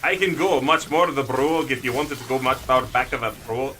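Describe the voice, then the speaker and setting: A male streamer voicing a boastful Scotsman with a heavy, slowed mock-Scottish brogue. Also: mid-range voice, fairly even intonation, sharp tone, slight background noise, natural voice.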